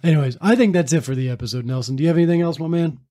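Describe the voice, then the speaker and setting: A man's voice: fairly high pitch, rapid-fire, mellow. A man co-hosting a film podcast in casual chat, often repeating words and restarting his sentences. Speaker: podcast co-host.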